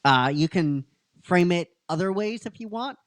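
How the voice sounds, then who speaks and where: In a casual podcast chat, the host and writer of the episode loosely retells his own story, leaning on fillers and tossing in "right?" again and again. His voice sits high and sounds expressive, moving at a normal speed. No room sound can be heard.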